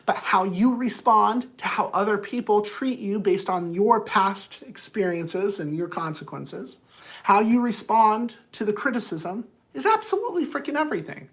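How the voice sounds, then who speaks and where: A man's voice: high voice, lively intonation, normal speed, a bit bright. A man who counsels people, talking straight to viewers in a casual, rambling motivational monologue, earnest and blunt.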